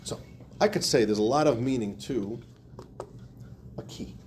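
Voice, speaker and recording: A man's voice: medium pitch, unhurried, a little mellow, a little hiss or hum. A man teaching a class as a rabbi, speaking expressively, acting out quotes and laughing often. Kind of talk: animated lecture.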